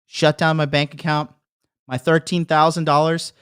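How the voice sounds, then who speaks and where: A man's voice: fairly high pitch, level tone, normal speed, a bit bright, clean tone, no echo. Man ranting profanely, dry close sound. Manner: profane, heated, acts out the people he quotes. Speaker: podcast host. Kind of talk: casual ranting monologue.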